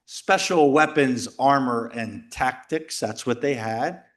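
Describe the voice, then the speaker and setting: At a men's retreat in a retreat house, a middle-aged man tells a live audience a personal story, jokey and animated, voicing the people he quotes and their shouts. His mid-range voice moves slowly through this lively storytelling talk.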